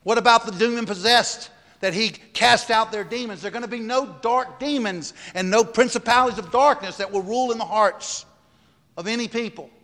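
In a church sanctuary with long hall reverb, a pastor preaches a sermon, emphasizing his points and posing rhetorical questions to the congregation. His voice is high and fairly bright, at a normal speed.

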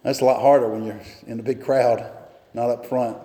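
In a church sanctuary with long hall reverb, a pastor preaches a sermon built around a folksy story, acting out its dialogue in raised voices. His mid-range voice is warm and level, at a moderate pace.

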